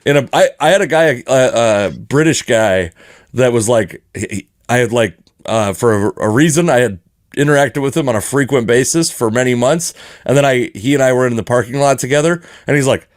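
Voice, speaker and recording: A man's voice: mid-range voice, moderate pace, no room sound, studio quality. A man co-hosting a sports podcast, rambling and joking in casual chat, often restarting his sentences. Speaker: podcast co-host.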